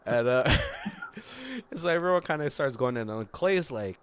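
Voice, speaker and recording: A man casually retelling a film's plot on a podcast, laughing often and quoting characters in quick voices. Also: medium pitch, wildly swooping pitch. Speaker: podcast co-host. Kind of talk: casual movie recap.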